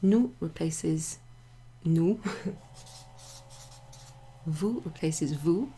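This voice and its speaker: A woman teaching a casual French grammar lesson to her club members, chatty and relaxed, with many fillers and asides. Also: low-pitched, drawn-out words, slight background noise. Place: home near a greenhouse.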